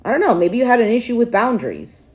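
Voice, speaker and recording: A woman doing a casual tarot reading to camera. She is emotional and thinks out loud, with frequent hesitations. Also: on the high side, big pitch swings, fast talker, dull audio. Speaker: tarot reader.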